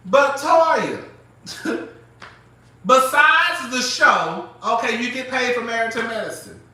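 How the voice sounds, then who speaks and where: A man with a very high, sharply bright voice hosts a live chat show, animated and profane and often laughing. His voice rings in a very echoey room. He sits a little back from the mic. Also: slow, recorded from a distance. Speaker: host. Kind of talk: casual live commentary.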